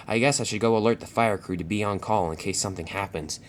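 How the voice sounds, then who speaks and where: A man's voice: fairly low pitch, fast talker, a little hiss or hum, natural voice. A man doing a fretful scolding engine. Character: fussy sensible male steam engine.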